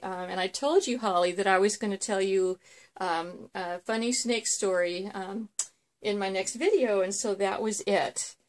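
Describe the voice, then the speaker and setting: A woman's voice: medium pitch, a little mellow. Chatty woman rambling through a story. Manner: rambling storyteller with many fillers. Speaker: vlog host. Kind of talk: casual chat.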